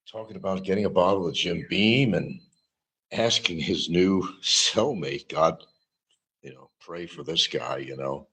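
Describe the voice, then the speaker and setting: A man's voice: low voice, measured pace, pushed and bright. A man streaming a rambling, sarcastic monologue, mocking and teasing his viewers.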